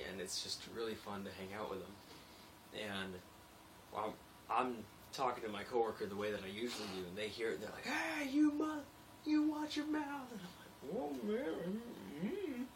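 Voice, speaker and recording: A young man with a lowish voice rambles through a late-night video diary and laughs easily. He sounds a little away from the mic, with faint noise behind him. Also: a bit bright, recorded from a distance. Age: young adult. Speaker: construction worker.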